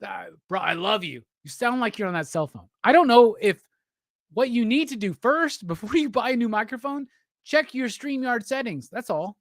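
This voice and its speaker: A man's voice: very high voice, expressive, normal speed, no echo, clean studio sound. A man hosting a casual livestream chat, drunk, profane and teasing as he rambles. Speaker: livestream host.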